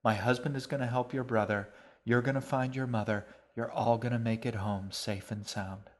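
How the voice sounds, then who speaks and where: A man voicing a gentle, talkative young queen in a storybook reading, speaking in a sing-song, fond way. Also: mid-range voice, steady tone, normal speed, lightly acted.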